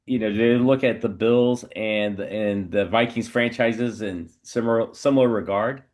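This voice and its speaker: A man's voice: on the low side, moderate pace, a little mellow. A man, hosting a podcast and circling through long, restarting questions. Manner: rambling, restarts his questions. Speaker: podcast host. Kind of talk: casual podcast chat.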